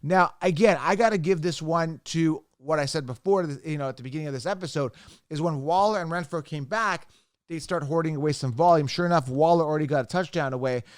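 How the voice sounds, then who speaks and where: A man with a somewhat high, smooth, clear voice, hosting his own sports show. He talks bluntly and emphatically. The sound is dry and close, with no room echo. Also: fairly quick. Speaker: fantasy football show host. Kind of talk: energetic solo sports commentary.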